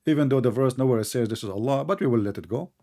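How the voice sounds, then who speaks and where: A man hosting a fiery online debate, talking at an ordinary middle pitch. His tone is mocking and sarcastic, and he keeps cutting across the other side. Now and then he leaps up in pitch and volume in mock outrage. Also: quick pace. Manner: bursts into loud, high-pitched outrage. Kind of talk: heated online religious debate.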